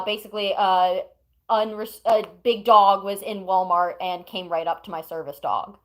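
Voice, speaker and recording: A woman's voice: medium pitch, pushed and bright, low-quality recording. A woman streamer at home telling chat a long story in a casual, rambling way, breaking off to talk to chat and her pets.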